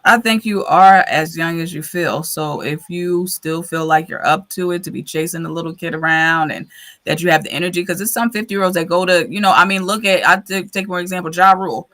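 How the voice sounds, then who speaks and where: A woman in her thirties hosting a podcast, telling a story in a lively way and acting out the voices she quotes. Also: lowish voice, brisk. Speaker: podcast host. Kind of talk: casual chat.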